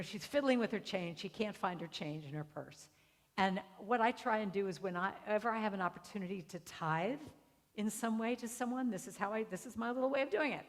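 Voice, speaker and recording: Animated woman telling stories in hall reverb. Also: medium pitch. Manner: animated, acts out voices in her stories. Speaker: guest speaker. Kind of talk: storytelling sermon. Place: spiritual center hall.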